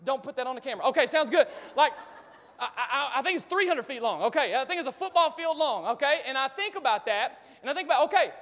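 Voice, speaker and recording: Male pastor, high-pitched, casual and energetic sermon delivery, reverberant sanctuary. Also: fast. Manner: energetic, casual, talks straight to the congregation and jokes. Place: church sanctuary. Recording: reverberant hall.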